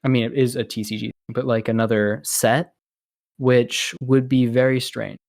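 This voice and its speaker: A man co-hosting a casual podcast, talking in a loose, rambling way and laughing often. His voice sits in a middling pitch, recorded close and dry with no room sound. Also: fairly even intonation, normal speed, gravelly, darkish tone, dry recording. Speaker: podcast co-host. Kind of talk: casual chat.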